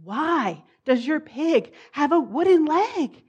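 A puzzled visitor, put on by a woman preacher, asks question after question in a lifted, curious voice. Her pitch runs somewhat high. It stays close to her everyday speech. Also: very animated, slow pace, darkish tone, highs cut off, full character voice.

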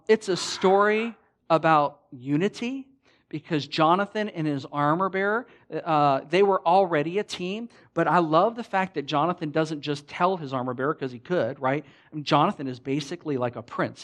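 Pastor, male, chatty sermon delivery, acts out dialogue, slightly higher voice. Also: brisk. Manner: conversational, animated, acts out quoted lines.

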